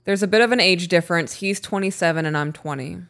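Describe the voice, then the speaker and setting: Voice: medium pitch, fast, a bit bright. A co-host of a podcast who reads a viewer's email aloud and adds short, dry remarks. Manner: brief agreeing replies, dry remarks. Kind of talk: casual chat, reading a viewer email aloud.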